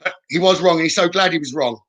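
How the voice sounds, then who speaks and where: A man's voice: on the high side, fast, fairly bright tone, poor audio. A man giving spirit messages as a psychic medium, reassuring and punctuating with "okay?". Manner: reassuring, keeps adding "okay?". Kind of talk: live spirit-message reading.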